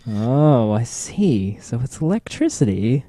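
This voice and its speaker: A man's voice: medium pitch, sing-song, slow, warm tone, no echo, studio quality. A man co-hosting a podcast, chatting casually about TV episodes with joking, sarcastic asides. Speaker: podcast co-host. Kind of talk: casual TV recap chat.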